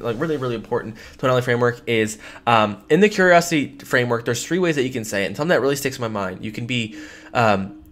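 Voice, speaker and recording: A man teaching life insurance phone sales in a training lesson, emphatic and repeating his key points. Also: mid-range voice.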